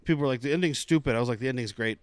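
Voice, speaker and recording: A man's voice: medium pitch, racing, dry recording. A man hosting a casual film podcast, rambling through asides and laughing often. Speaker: podcast host.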